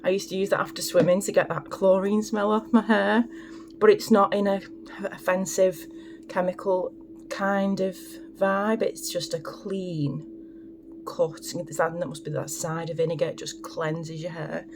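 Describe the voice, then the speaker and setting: A woman's voice: on the low side, flat delivery, a little slow, noisy background. A woman chatting casually through her morning skincare routine in a home vlog, rambling with self-deprecating asides. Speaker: beauty vlogger.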